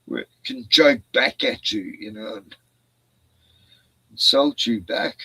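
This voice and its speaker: A man's voice: medium pitch, slow, pauses often, bright, forceful tone, husky, dry recording, rough recording. A man, chatting casually on a stream, laid-back, swearing often and laughing a lot. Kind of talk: casual chat.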